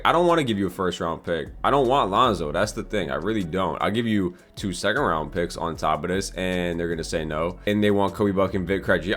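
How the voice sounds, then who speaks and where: A young man with a somewhat low voice gives casual gameplay commentary, reasoning out loud in loose slang. He swings between quiet mumbling and sudden irritated outbursts, like a YouTuber talking over his screen at a desk mic. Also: normal speed, hardly any pauses. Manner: slangy, frustrated outbursts, thinking aloud. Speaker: gaming YouTuber.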